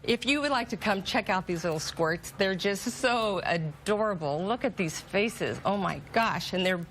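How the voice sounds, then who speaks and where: An excitable woman gushing over shelter kittens in a TV pet adoption segment. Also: medium pitch, moderate pace, a little hiss or hum. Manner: gushing and excitable, breaks into song.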